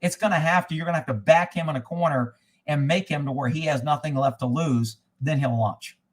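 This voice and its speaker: A man with a somewhat higher voice for a man, talking off the cuff as he answers viewer comments. He is blunt and opinionated and swears freely. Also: brisk. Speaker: host reading viewer comments. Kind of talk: casual live commentary.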